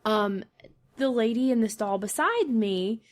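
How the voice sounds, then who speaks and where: Woman with a scratchy throat, kinda high voice, animated storytelling on a podcast. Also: measured pace. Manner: animated, exasperated. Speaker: podcast co-host. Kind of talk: casual storytelling.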